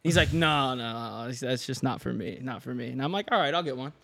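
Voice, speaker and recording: Young man, podcast guest, fitness coach, casual storytelling, animated, quotes people in voices, mid pitch. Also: a little fast, creaky, a little hiss or hum. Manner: animated, laughs often, acts out quoted dialogue.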